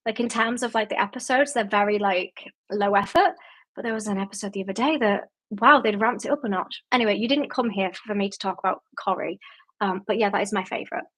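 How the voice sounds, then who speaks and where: A young woman with a Yorkshire accent talks through a casual livestream from home. She reads out viewer comments and answers them at length in a loose, chatty ramble full of "like" and "um". Her voice sits at an ordinary middle pitch for a woman. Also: brisk, fairly bright tone, breathy edge. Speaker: booktube host.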